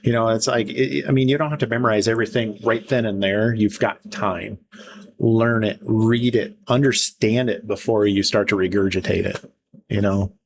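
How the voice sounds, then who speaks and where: A man's voice: fairly low pitch, fairly even intonation, moderate pace. A man guesting on a podcast, chatting casually, telling a rambling story with lots of laughs and acting out other people's lines. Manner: rambling, laughs often, acts out quoted voices. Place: podcast studio.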